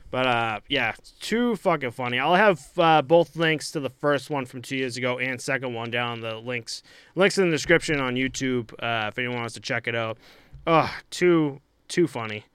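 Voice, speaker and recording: A young man co-hosting a podcast in casual chat, animated, laughing and swearing often. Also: mid-range voice, normal speed, clean tone, dry recording. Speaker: podcast co-host.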